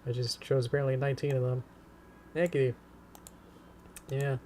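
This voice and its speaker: A man streaming as he animates, chatting casually with viewers in a rambling, hesitant way, humming softly between comments. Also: mid-range voice, little pitch movement, moderate pace. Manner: rambling, hesitant, many fillers and soft humming. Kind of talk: casual live-stream chat.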